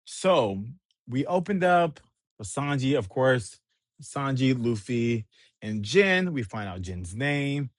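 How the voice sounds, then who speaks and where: A man giving an excitable, casual chapter recap as a manga reviewer, reading scenes aloud. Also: mid-range voice, takes it slowly, no room sound, clean studio sound. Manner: excitable, reads scenes aloud, laughs often.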